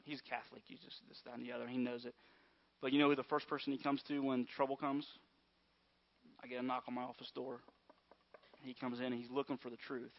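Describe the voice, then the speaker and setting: A man preaching in a conversational way, often checking in with his listeners. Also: mid-range voice. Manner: conversational, repeatedly asks "all right?" and "amen?". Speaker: pastor. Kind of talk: sermon. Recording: dull lo-fi sound.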